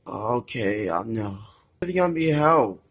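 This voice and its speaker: Person doing a nervous little boy hero, low worried voice, timid, slow. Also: sing-song, fairly bright tone. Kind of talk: toy play-acting.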